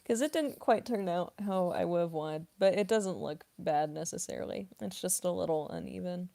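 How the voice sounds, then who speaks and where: A young woman voice actress casually answering chat questions on a stream, relaxed and rambling with many fillers, snacking as she talks. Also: fairly low pitch, normal speed, gravelly. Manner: relaxed and rambling, many fillers, laughs often, eating while talking.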